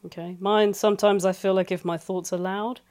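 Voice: mid-range voice, level tone, moderate pace, a little mellow. A life coach giving earnest, conversational advice from home, repeating points for emphasis. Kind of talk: solo advice talk. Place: home flat.

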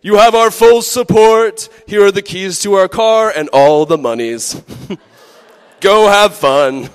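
A man's voice: sits high, takes it slowly, clean tone, voice pushed up. A man in a sermon putting on the voice of overjoyed parents who approve of a teen romance, giddy and exaggerated. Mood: gushing.

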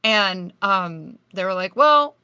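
A woman's voice: mid-range voice, lively intonation, a little slow, pushed and bright, no echo. A woman podcast guest telling a story in a casual, vivid way, swearing freely.

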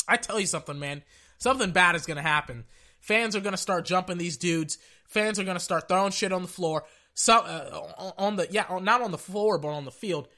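A man's voice: high voice, fairly quick, bright, forceful tone. A man giving a profane, exasperated rant about football refereeing, reading out quotes and then venting. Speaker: sports commentator. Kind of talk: angry sports rant.

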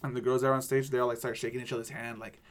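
A man's voice: medium pitch, level tone, racing. A young man hosting a podcast, telling a story in casual chat, rambling with lots of fillers and acting out what people said. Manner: rambling, lots of "like" and "dude", acts out quotes. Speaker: podcast host.

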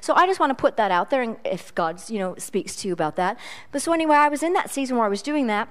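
A middle-aged woman delivers a sermon in a casual, joking manner, sharing self-deprecating stories as she makes her points. Her voice sits a little higher than most. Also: expressive, quick pace. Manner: chatty, self-deprecating storytelling preacher. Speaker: preacher.

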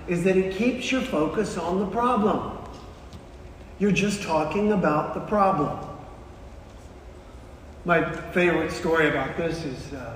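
Guy giving a big motivational talk, kinda high voice, slow deliberate delivery, booming echo off the hall. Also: far from the mic, slight background noise. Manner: storytelling with punchy pauses, quizzes the crowd. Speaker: motivational speaker. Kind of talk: keynote talk to a live audience. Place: large hall with an audience. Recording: echoey hall, long reverb, faint ambience.

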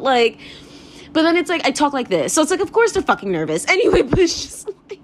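A woman's voice: sits high, very animated, brisk, a little hiss or hum. A young woman hosting her own podcast, rambling in a casual confessional rant, swearing freely and laughing often. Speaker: podcast host.

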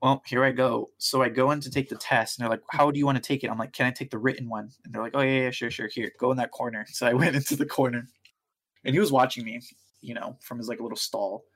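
In a relaxed podcast chat, a young man who co-hosts the show tells a story with gusto, imitating the other people's voices and laughing a lot. He's a fast talker with a medium-pitched voice.

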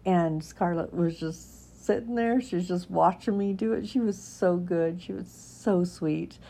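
A middle-aged woman in casual devotional chat who reads her own short piece in a soft, unhurried, gentle way. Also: fairly low pitch, vocal fry. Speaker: Christian writer. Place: home cabin indoors.

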